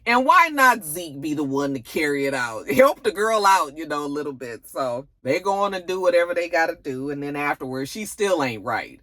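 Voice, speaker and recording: A woman's voice: moderate pace, hardly any pauses, no room sound. A woman casually recapping a TV episode, cursing and acting out the characters' lines. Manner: animated, profane, acts out characters' lines with big pitch jumps. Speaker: TV review vlogger.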